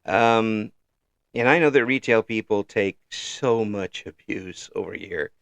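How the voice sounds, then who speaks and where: A man hosts a relaxed interview, talking haltingly with frequent restarts and easy laughs. His mid-pitched voice sounds bright and forward. The recording is close and dry. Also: creaky, no room sound. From United States. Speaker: interview host. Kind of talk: casual interview chat.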